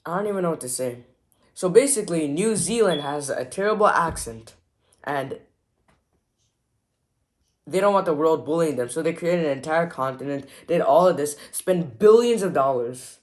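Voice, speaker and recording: A man's voice: on the high side, animated, moderate pace. A young man hosting a reaction video, mocking and exasperated, full of "like" fillers. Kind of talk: sarcastic reaction commentary.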